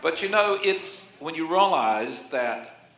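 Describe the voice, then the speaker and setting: A man's voice: a little high, expressive, slow, a bit bright. Folksy older male pastor, roomy church. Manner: folksy and conversational, jokes, frequent "amen". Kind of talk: sermon. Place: church sanctuary.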